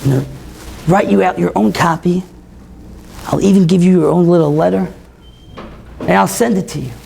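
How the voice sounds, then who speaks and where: A man quoting a patient, kindly male rabbi emissary in a sermon story, gentle and reassuring. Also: high voice, normal speed, vocal fry, slight background noise.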